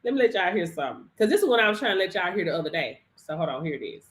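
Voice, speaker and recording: A woman coach talking to viewers on a live stream, animated and slangy, laughing often. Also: on the low side, racing, very noisy. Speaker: business credit coach. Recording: roomy echo.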